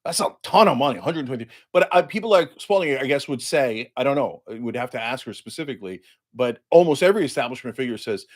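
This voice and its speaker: A man's voice: expressive, fast talker. Sarcastic, indignant man ranting about politics. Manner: sarcastic and indignant, mocking quoted opponents; emphatic, swings loud and high on key words. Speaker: political commentator. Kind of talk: heated political commentary.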